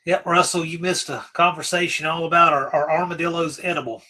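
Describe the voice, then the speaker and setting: Bright-voiced easygoing man hosting a livestream. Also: on the high side, steady tone, fairly quick, low-quality recording. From Virginia. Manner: rambling and easygoing, trailing off and restarting. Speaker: livestream host. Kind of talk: casual live-stream chat, answering viewer comments.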